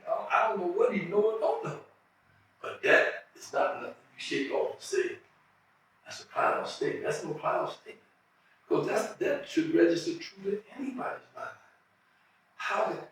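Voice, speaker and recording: Gravelly older man in an echoey room. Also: fairly high pitch, recorded from a distance, slight background noise. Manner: earnest, repeats and restarts phrases. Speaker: interviewee. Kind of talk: reflective storytelling.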